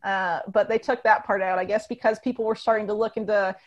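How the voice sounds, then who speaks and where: A woman's voice: mid-range voice, steady tone, fast talker. A woman talking in a casual podcast conversation, rambling and full of fillers as she tells a long story.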